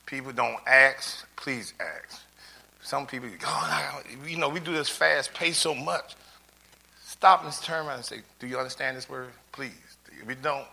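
A man's voice: mid-range voice, creaky, sharp tone. A middle-aged man giving an earnest, tearful testimonial, rambling with many restarts. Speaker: adult learner giving a testimonial. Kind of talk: heartfelt personal testimony speech.

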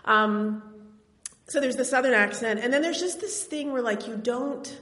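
On stage, a Tennessee woman shares a personal story in a wry, conversational manner, laughing here and there. Her voice sits on the high side with a fairly bright tone, and she talks at a normal speed. The hall gives the recording a roomy reverb.

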